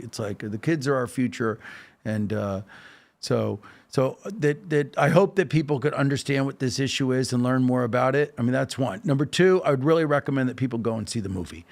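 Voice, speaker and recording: Gravelly-voiced man, emphatic storyteller. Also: medium pitch. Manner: emphatic storytelling, frequent "okay?" check-ins and filler restarts. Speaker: podcast guest. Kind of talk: animated casual talk.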